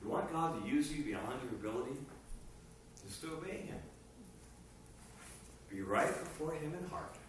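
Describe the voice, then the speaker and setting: A man preaching a sermon, animated and rising to emphatic bursts. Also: mid-range voice, unhurried, long pauses. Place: meeting hall. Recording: echoey room from far off with faint noise.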